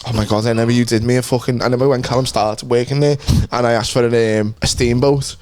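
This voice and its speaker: A young man, co-hosting a podcast, who teases and reacts quickly. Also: medium pitch, fairly even intonation, a little mellow. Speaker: podcast co-host. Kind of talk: casual chat.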